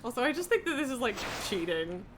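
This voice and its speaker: A woman live streamer chatting casually while gaming, self-mocking and laughing often, her throat irritated so she keeps clearing it. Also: on the high side, sing-song, quick pace, noisy background.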